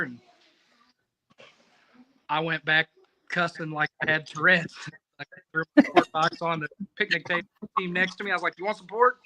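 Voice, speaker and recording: Guy with a high bright voice telling a wild story, swears a lot, animated. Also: low-quality recording. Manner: animated, profane, rambling storyteller. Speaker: competition barbecue cook, podcast guest. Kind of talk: casual storytelling.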